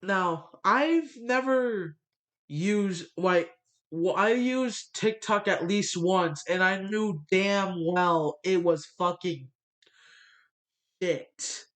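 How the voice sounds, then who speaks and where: A man ranting bluntly into the camera, swearing often and filling pauses with fillers, his nose stuffy from a cold. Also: sits high, fairly bright tone. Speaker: vlogger. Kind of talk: ranting monologue.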